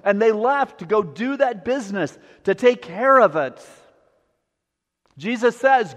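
Male pastor, sermon, slightly high voice, repetitive preaching cadence, long hall reverb. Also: animated, a little slow, fairly bright tone.

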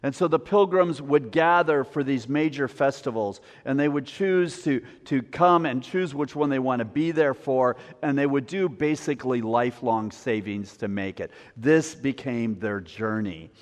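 A pastor from Wisconsin preaching a sermon to his congregation, lively and rising to near-shouts on the prayers. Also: mid-range voice, moderate pace, hardly any pauses, in a large hall.

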